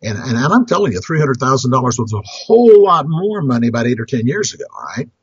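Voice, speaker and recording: A man's voice: mid-range voice, big pitch swings, fast, breathy edge, dry recording, highs cut off. A man who works as a financial counselor tells true-life stories about budgeting in a loose, rambling way, restarting phrases and chuckling at his own anecdotes. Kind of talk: storytelling talk on budgeting.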